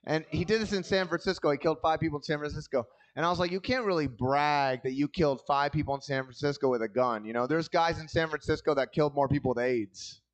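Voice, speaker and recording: A man's voice: fairly high pitch, quick pace, few pauses. A man doing a stand-up comedy set on a club stage, telling loose, rambling stories full of crude jokes into a handheld mic.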